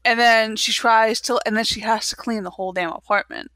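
A woman's voice: fairly high pitch, fairly even intonation, brisk, sharp tone, no room sound. A young woman in casual chat, rambling through a story with lots of "like". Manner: rambling storytelling with many "like" fillers.

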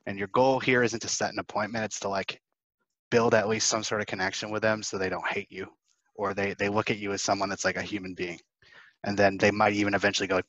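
A young man in his twenties giving casual sales advice on a panel, animated and acting out phone exchanges as he talks. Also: lowish voice, quick pace, dry recording. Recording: dry, slightly dull lo-fi audio.

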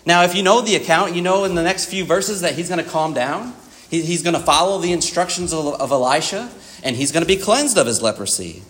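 A man's voice: on the high side, a bit bright. Conversational man preaching a sermon. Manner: conversational, with frequent "right?" asides and acted quotes. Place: church.

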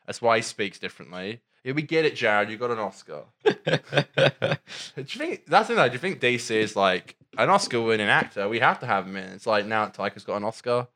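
A man's voice: fairly low pitch, lively intonation, fairly quick, pushed and bright. A man co-hosting a podcast, talking casually with sarcasm and swearing. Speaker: podcast co-host. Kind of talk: casual chat.

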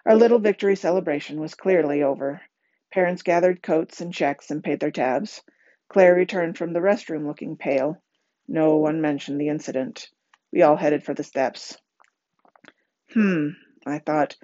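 A woman reading a novel aloud in a calm, even voice and giving the characters quiet voices. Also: deep voice, moderate pace, dry recording. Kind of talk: storybook reading. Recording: dull, lo-fi home recording.

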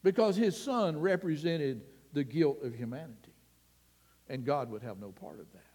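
A man preaching a sermon as pastor, earnest and deliberate, sometimes dropping his voice to a hush. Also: on the high side, lively intonation, in a large hall. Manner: slow, earnest preaching with dramatic drops to a hush.

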